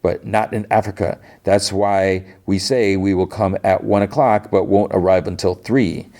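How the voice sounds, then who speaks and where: Low and dark in tone, this man's voice stays steady at a normal speed. As a podcast host, he loosely recaps an episode with lots of fillers and false starts, now and then performing quoted lines.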